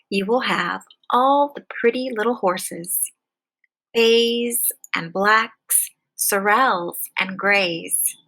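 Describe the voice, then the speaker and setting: A woman teacher reading a lullaby aloud to young children in a gentle, lilting, drawn-out way. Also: mid-range voice, gravelly, husky, full character voice. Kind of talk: soft sung-spoken lullaby reading.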